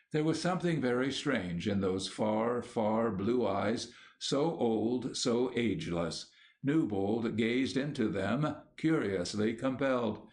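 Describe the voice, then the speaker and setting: A man reads an audiobook in calm, scripted narration. His pace is very slow and his delivery gentle and even. His pitch sits in a middling range.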